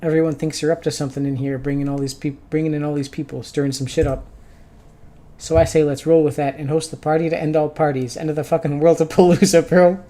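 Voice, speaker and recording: A man's voice: medium pitch, little pitch movement, quick pace, hardly any pauses, natural voice. A man voicing a brash, slangy party-loving dude in a video game. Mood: hyped. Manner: swaggering, slangy, loud.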